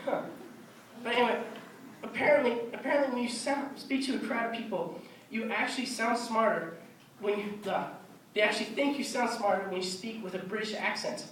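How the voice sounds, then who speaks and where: A teenage boy doing animated stand-up comedy on a stage, slipping into silly voices. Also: very high voice, a little fast. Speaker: stand-up performer. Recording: echoey hall from far off, noisy.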